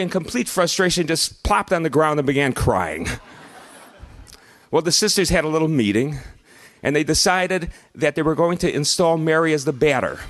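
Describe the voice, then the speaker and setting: A man telling a story live on a festival stage, animated and acting out children's shouts. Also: high-pitched.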